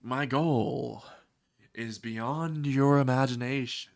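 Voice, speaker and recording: A man's voice: medium pitch, slow. A man voicing a smug, scheming animal school principal with a villainous air.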